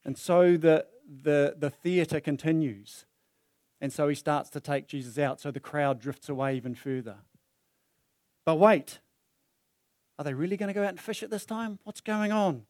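A man's voice: a little high, moderate pace, clean studio sound. A man, preaching a sermon and telling the story vividly, speaking into a microphone in a church hall. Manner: animated, dramatizing the story with voices. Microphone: handheld or stand mic.

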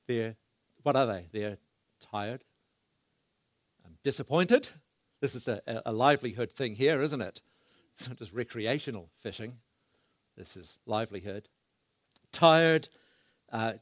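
A man preaching a sermon, swinging between loud bursts and hushed asides as he asks the congregation questions. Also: medium pitch, no echo, studio quality.

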